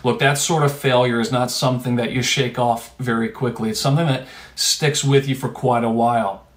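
A man's voice: mid-range voice, steady tone, a little fast. A man preaching a sermon in a conversational, emphatic way, with rhetorical asides to his listeners.

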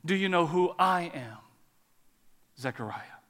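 A stern, commanding angel who speaks with weight and authority, as a male preacher acts him out. His bright voice carries a long echo through a large hall. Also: sits high, lively intonation, measured pace. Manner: stern and rebuking.

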